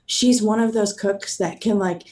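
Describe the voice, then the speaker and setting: A woman's voice: medium pitch, fairly even intonation, measured pace, a little mellow. A woman cohosting a podcast, chatting in an easygoing, talkative way. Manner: chatty, easygoing, laughs often. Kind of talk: casual chat.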